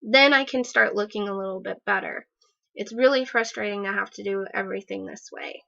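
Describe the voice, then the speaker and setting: A woman's voice: medium pitch, a little fast, gravelly, bright, forceful tone. A woman vlogging casually, chatty and rambling with many fillers and self-deprecating laughs. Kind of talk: casual personal vlog. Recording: dull lo-fi sound.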